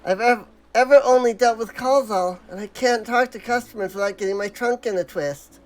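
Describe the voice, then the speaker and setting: A man's voice: high voice, moderate pace, soft background music, pitched above the performer's own voice, lightly acted. A man voicing a shy young male elephant-like fisherman who talks in a timid, polite, nervous way, reading game dialogue aloud. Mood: hopeful.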